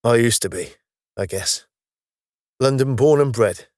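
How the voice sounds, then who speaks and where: A man's voice: medium pitch, measured pace, a little mellow, dry recording, clean studio sound, natural voice. A man voicing a frail older British man, newly woken, who jokes in a plain down-to-earth way. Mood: chatty. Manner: joking, down-to-earth, breathless.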